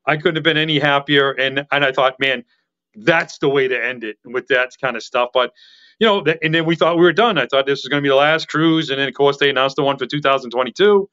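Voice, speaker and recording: A man talking as a podcast guest in casual chat, excitable and rambling, with a loud voice that carries. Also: mid-range voice, fast talker, lo-fi sound.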